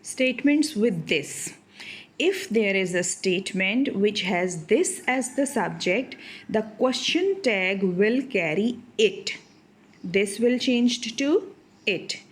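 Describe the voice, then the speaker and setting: Slow, deliberate woman teaching grammar. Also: mid-range voice, expressive, breathy edge. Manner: slow, deliberate explaining with examples. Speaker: English teacher. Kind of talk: grammar lesson over slides.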